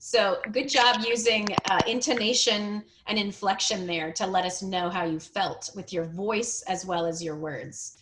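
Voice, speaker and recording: A woman teaching English on a video call, coaching a student's speaking with encouragement, gentle corrections and frequent laughter. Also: mid-range voice, steady tone, a little slow, few pauses, slight background noise. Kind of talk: one-on-one pronunciation and grammar coaching.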